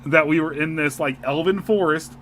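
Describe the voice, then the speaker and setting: A man's voice: a little high, normal speed, a little hiss or hum. A man co-hosting a podcast, telling a story in casual chat and laughing often. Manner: animated storyteller, laughs a lot. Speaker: podcast co-host.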